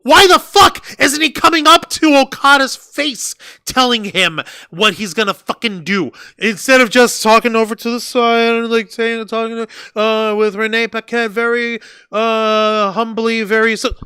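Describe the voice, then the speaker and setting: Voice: mid-range voice, fairly even intonation, measured pace, bright, forceful tone, smooth. A wrestling review co-host ranting heatedly and emphatically, swearing constantly. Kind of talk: heated podcast rant.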